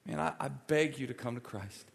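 A male pastor with a creaky, medium-pitched voice at normal speed preaches in a church sanctuary. His sermon is emphatic and pleading, repeating points for emphasis, with the long reverb of a large hall.

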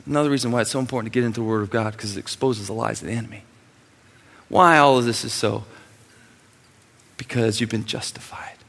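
A male pastor preaching a passionate sermon, swinging between quiet intensity and loud emphasis, heard with long hall reverb. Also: mid-range voice, creaky.

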